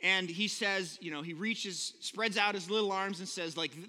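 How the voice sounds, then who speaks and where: A pastor with a high-pitched, bright voice preaches at a moderate pace and in a forceful tone, his words echoing with long reverb in the church hall. He addresses the congregation informally, frequently fixing his sentences partway through.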